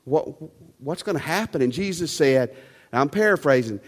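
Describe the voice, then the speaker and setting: A pastor preaches in a slightly high voice, pressing each point home with rhetorical questions. The sound rings with the long reverb of a big sanctuary. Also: male voice, animated, moderate pace. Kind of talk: sermon.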